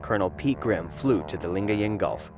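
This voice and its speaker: A man narrating a documentary in a steady, measured scripted read. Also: lowish voice, loud music behind the voice.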